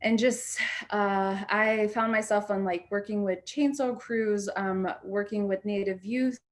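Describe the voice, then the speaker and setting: A young woman speaks on a video call, sharing a personal story. Her voice sits at a middling pitch. Her delivery is reflective and halting, full of ums and restarts. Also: fairly even intonation. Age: young adult. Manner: reflective, frequent fillers and restarts. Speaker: panel speaker.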